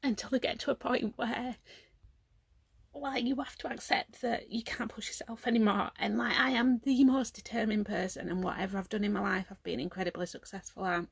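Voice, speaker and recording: A woman's voice: fairly high pitch, brisk, creaky, husky, no echo. Tired, emotional woman. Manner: rambling and heartfelt, fighting back tears at times. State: exhausted. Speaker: vlogger. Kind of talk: emotional confessional vlog.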